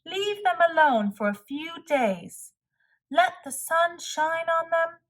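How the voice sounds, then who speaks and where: Frog, a woman voicing a gentle wise frog. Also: very high voice, animated, takes it slowly, pitched above the performer's own voice, full character voice. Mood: reassuring. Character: calm, wise male frog friend. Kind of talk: storybook read-aloud.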